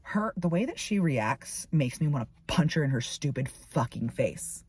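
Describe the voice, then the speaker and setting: A woman's voice: low voice, very animated, normal speed, hardly any pauses, a little mellow, husky, no echo. A woman venting to camera, ranting in heated, profane bursts about a falling-out. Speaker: vlogger. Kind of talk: angry personal venting to camera.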